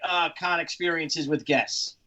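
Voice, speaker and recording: High bright-voiced male host. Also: steady tone, measured pace, slight background noise. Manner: interjects short reactions and asks questions. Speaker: podcast host. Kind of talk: casual interview. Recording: dull lo-fi audio.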